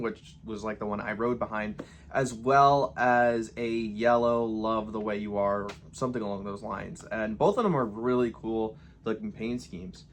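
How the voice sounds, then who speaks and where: A man's voice: medium pitch, a little hiss or hum. A young man hosting a model train channel, chatty and upbeat, with a casual hobby vlog delivery. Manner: chatty and upbeat, jokes about his own accent.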